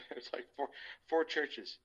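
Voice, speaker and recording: A man's voice: mid-range voice, slow pace, fairly bright tone, husky. A laid-back man talking casually on a podcast. He laughs easily, and his recording is a touch muffled. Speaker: podcast co-host. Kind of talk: casual chat.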